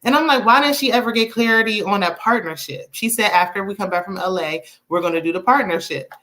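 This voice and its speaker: A young woman, casually recapping a movie with laughs and quick asides. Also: mid-range voice. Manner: chatty, animated retelling with laughs and acted-out quotes. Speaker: movie review host.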